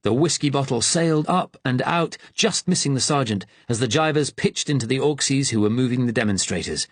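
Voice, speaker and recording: A man narrating an audiobook thriller in a measured, tense storytelling voice. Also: medium pitch, expressive, no room sound.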